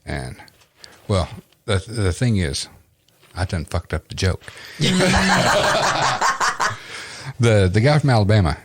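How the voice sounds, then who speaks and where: A man's voice: on the low side, very animated, slow, long pauses, a bit bright, slightly rough, dry recording. A man with an East Tennessee accent, hosting a casual podcast chat and telling a joke with a drawl and lots of laughter. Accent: Southern US, East Tennessee. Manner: laughs a lot, drawling storyteller. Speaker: podcast host.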